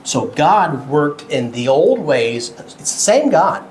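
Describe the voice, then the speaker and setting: A man teaching a Bible lesson to children at home, talking slowly and simply, a bit cartoonish, and asking the kids questions. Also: a little high, very animated, a little hiss or hum, poor audio.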